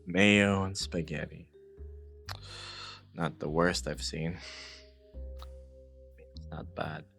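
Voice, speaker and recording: A man's voice: low-pitched, fairly even intonation, very slow, gravelly, a bit bright, faint music behind. Chuckling male streamer chatting casually. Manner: reads chat messages aloud and jokes about them, chuckling often. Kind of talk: casual live-stream chat.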